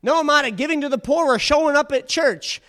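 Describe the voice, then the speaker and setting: Male preacher with a very high voice, fervent and exhorting, leading a church congregation. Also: fast, a bit bright. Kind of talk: sermon.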